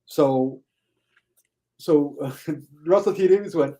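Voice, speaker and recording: A man talking casually as a guest critic on a podcast, enthusiastic, and mocking critics in a high whiny voice. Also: expressive, moderate pace, dark tone.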